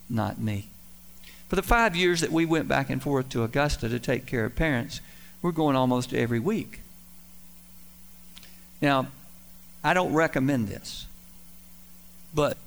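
Gravelly-voiced man preaching with folksy stories. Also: mid-range voice. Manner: folksy, self-deprecating, emphatic swings in loudness. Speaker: pastor. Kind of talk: sermon with storytelling.

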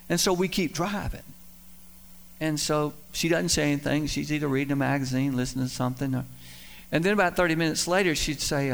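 A middle-aged man preaching a sermon, telling folksy, self-deprecating stories with emphatic swings in loudness. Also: fairly high pitch, a little fast, vocal fry. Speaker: pastor. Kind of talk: sermon with storytelling.

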